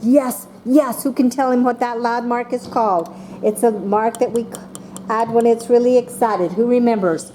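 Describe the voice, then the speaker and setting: A woman teaching a class of young children, speaking slowly and patiently and calling on each child by name. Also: a little high, a little hiss or hum. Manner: slow and patient, calling on children by name, voicing excited examples.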